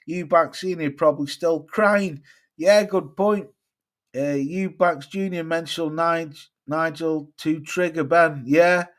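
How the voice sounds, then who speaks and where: A middle-aged British man hosting a boxing live stream, talking bluntly and swearing as he reads out viewer comments. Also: a little high. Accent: British English. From United Kingdom. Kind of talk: casual live-stream chat reading comments.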